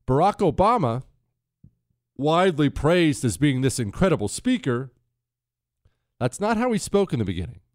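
A man's voice: fairly high pitch, sing-song, normal speed, pauses often, darkish tone, dry recording, studio quality. A man hosting a talk radio show, brash and sarcastic in his opinions and reading ads in the same brash way. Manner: brash, sarcastic, mocking impressions.

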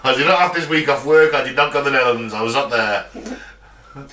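Bright-voiced jokey English man, echoey room. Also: medium pitch, fairly quick. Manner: laughing, jokey, swearing. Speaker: podcast co-host. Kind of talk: casual banter, reading news stories. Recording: echoey room, mic at a distance.

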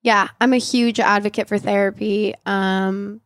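A woman's voice: medium pitch, steady tone, unhurried, no echo. A young woman answers listener questions in a loose, rambling way, her voice stuffy and nasal from a cold. She talks frankly and drops casual swears. The sound is dry and close, with no room around it. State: sick, nasal. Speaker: podcast host. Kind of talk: casual Q&A chat.

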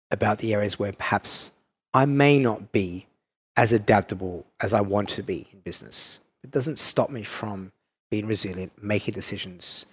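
An Australian man from Perth, a business owner, talking reflectively in an interview with many fillers and restarts. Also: fairly low pitch.

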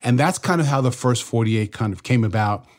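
A man's voice: mid-range voice, expressive, fairly quick. A man co-hosting a true crime podcast who explains investigations in a matter-of-fact way.

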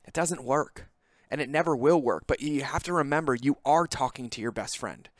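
A man's voice: mid-range voice, normal speed, no room sound, clean studio sound. A man hosting a podcast, giving a direct, coaching business monologue that turns emphatic. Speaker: podcast host.

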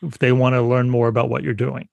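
A man's voice: medium pitch, level tone, fast talker, vocal fry, highs cut off, background noise. A man co-hosting a podcast interview in casual chat, often affirming the guest with short encouragements. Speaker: podcast co-host.

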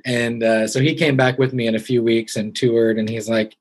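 Husky guy from missouri telling his story on a podcast, chatty, does little voices for people. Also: medium pitch, normal speed, hardly any pauses. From Southwest Missouri. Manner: chatty, animated retelling with quoted voices. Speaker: podcast host, interviewed as guest. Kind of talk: casual interview storytelling.

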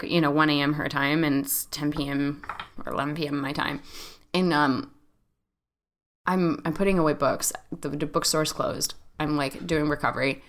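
Woman in her 30s, chatty podcast storyteller, kinda low voice, lots of likes. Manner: chatty, animated, frequent "like" fillers. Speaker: podcast host. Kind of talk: casual storytelling chat.

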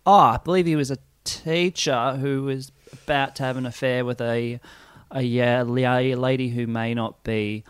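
A man with a mid-pitched voice, trading teasing jokes as a podcast guest. His voice is recorded close and dry. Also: fairly even intonation, moderate pace, smooth, no room sound. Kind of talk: casual chat.

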